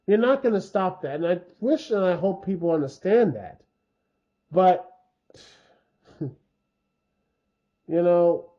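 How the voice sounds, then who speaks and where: A man's voice: on the high side, mellow. Rambling man with a dull lo-fi mic. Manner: rambling, many fillers and restarts; frustrated, heated. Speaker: video commentary host. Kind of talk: unscripted opinion commentary.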